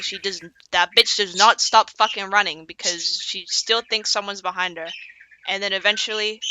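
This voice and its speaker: Bright-voiced streamer rambling through a story. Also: female voice, medium pitch, slight background noise, low-quality recording. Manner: rambling, profane, lots of fillers.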